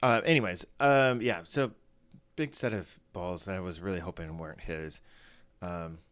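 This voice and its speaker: Low-voiced man rambling on a morning stream. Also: moderate pace, a bit bright, clean tone, no room sound. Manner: rambling, self-deprecating, many fillers and restarts. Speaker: fantasy football streamer. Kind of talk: casual solo livestream chat.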